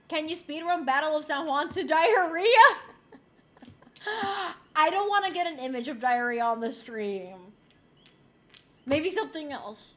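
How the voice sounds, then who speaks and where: Woman streamer, high voice, excitable and swears a lot, casual chat. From Puerto Rico. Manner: excitable, swears freely, laughs often.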